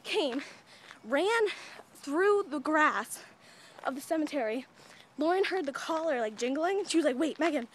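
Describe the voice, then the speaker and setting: A woman's voice: high voice, lively intonation, unhurried. A young woman recording a phone vlog outdoors, telling a story in a chatty, breathless, giggly way. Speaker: vlogger. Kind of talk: excited casual storytelling. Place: outdoors by a cemetery. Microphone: phone camera.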